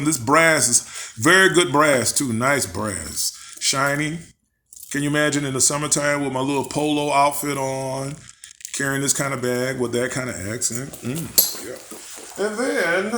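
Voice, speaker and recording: A man's voice: mid-range voice, fairly bright tone. Chatty male vlogger, loose rambling delivery, recorded in a reverberant room. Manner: chatty, rambling, asks viewers to imagine. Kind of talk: casual show-and-tell vlog. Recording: echoey room, faint background noise.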